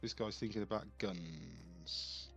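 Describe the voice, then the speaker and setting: A man's voice: deep voice, slow pace, gravelly, a bit bright, soft background music. A man giving casual let's play commentary, thinking aloud and reading on-screen text with puzzled asides.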